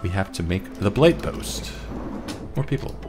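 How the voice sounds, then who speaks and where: A man's voice: deep voice, lively intonation, unhurried, darkish tone. A man casually commentating a strategy game he is playing, muttering to himself in a wry, self-mocking way, with faint game music and keyboard typing behind him. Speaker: gameplay commentator. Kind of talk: casual let's-play commentary.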